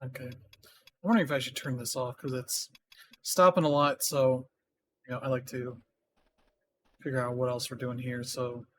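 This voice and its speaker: A man streams a game and chats casually, thinking aloud and reading notes half to himself as he looks things up. His medium-pitched voice is steady and fairly bright, with a moderate pace and long pauses. Slight background noise is audible.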